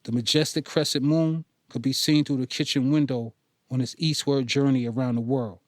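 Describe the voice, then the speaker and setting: A man's voice: medium pitch, steady tone, moderate pace, no echo. Man narrating a novel, dry and close. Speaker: audiobook narrator. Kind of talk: scripted narration.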